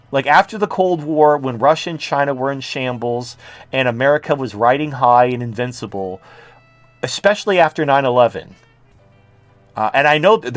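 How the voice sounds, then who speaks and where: A man's voice: on the high side, dry recording. A man ranting in a casual political monologue, profane and sarcastic, often mimicking others mockingly. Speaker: political commentator.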